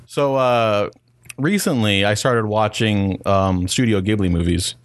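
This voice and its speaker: A man in his thirties from Utah hosting a casual podcast chat, animated and laughing, with lots of "like". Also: lowish voice, a little slow, no room sound, clean studio sound. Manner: animated storyteller, frequent "like" and laughs. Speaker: podcast host.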